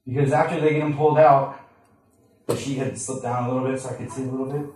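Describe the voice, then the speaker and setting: A man sharing a personal testimony with a live audience, speaking in an earnest, halting way and acting out the voices of the people in his story. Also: mid-range voice, steady tone, a little mellow. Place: large echoey room with an audience. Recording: echoey hall from far off.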